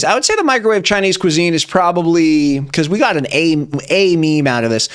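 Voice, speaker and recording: A young man hosting a meme review, talking in a casual, rambling, profane way. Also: a little high. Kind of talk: casual commentary.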